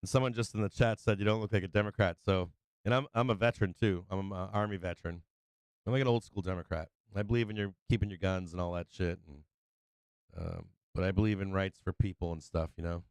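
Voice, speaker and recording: Low, smooth-voiced man telling profane stories. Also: fairly even intonation, brisk, no room sound. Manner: loose and profane, with many restarts and laughs. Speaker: live stream host. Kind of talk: casual rambling storytelling.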